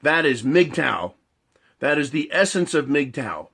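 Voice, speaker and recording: Guy ranting on camera, kinda high voice, swears a ton, keeps going "right?". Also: big pitch swings, takes it slowly, gravelly, fairly bright tone, husky. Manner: profane, blunt, keeps asking "right?"; long rhetorical analogies, repeats himself. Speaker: commentator. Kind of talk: ranting monologue.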